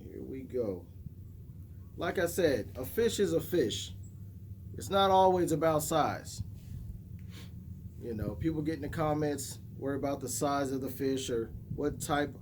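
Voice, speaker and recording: A man's voice: mid-range voice, slight background noise. A man, chatting to viewers in a self-mocking way while fishing by a river in a snow storm. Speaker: fishing vlogger. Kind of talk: casual outdoor vlog talk.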